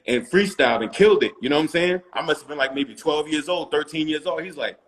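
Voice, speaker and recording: A middle-aged man sits in for a relaxed interview chat. His voice sits a little high for a man. He rambles through his stories and keeps checking in with the listener. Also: quick pace. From Long Island, New York. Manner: loose storytelling with frequent "you know what I'm saying". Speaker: rapper guest.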